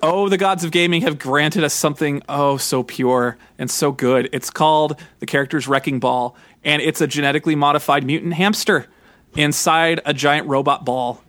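A man in his thirties co-hosting a podcast, chatting excitedly and rambling with lots of fillers. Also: fairly high pitch, moderate pace, dry recording. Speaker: podcast co-host. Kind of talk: casual chat.

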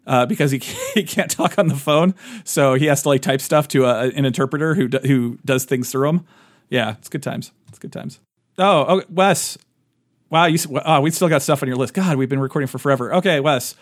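A man hosting a casual podcast chat, eagerly recommending shows to his co-hosts. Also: medium pitch. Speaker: podcast host and game master.

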